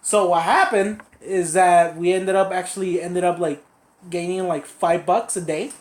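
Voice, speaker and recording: A man's voice: fairly even intonation, unhurried. Rambling young man, roomy echo. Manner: rambling storyteller who acts out quotes in high voices. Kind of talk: casual podcast chat.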